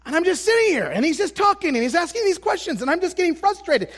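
A traveling preacher with a strikingly high voice for a man delivers a sermon built around personal stories. He speaks in an animated, self-deprecating way and often restarts his sentences as he goes. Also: fast talker.

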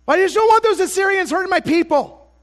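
A man's voice: very high voice, animated, fast talker, fairly bright tone, voice pushed up. A male preacher briefly voicing the prophet Jonah as bitter and resentful, demanding that his enemies be punished. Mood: indignant.

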